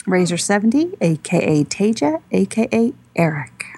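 A woman co-hosting a gaming podcast, reading a listener's email aloud at a steady, even pace. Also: medium pitch, moderate pace, breathy edge. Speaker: podcast co-host.

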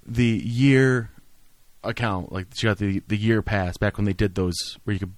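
A man's voice: fairly low pitch, steady tone, normal speed, dry recording. A man in a casual chat with his family, laughing easily and explaining things at length. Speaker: vlog host.

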